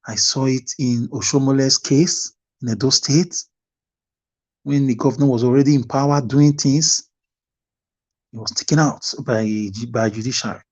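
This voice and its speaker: A man's voice: mid-range voice, fairly even intonation, normal speed, darkish tone. A Nigerian man speaking fervently in an online discussion, preaching and repeating phrases for emphasis. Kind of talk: impassioned discussion.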